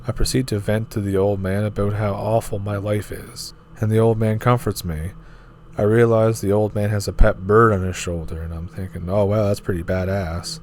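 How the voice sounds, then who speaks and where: A man with a fairly low voice retells eerie stories from an online forum in a relaxed, offhand way, dropping his own asides between the lines. A faint hiss sits under the recording. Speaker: storyteller reading forum stories. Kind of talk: reading scary stories aloud.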